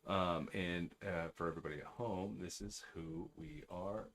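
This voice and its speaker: A man running a tabletop game with a fairly low voice. He narrates in a loose, rambling way, full of "um" and "like". He talks to his players at a conversational pace. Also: moderate pace, a bit bright. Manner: rambling, full of fillers and restarts. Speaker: game master.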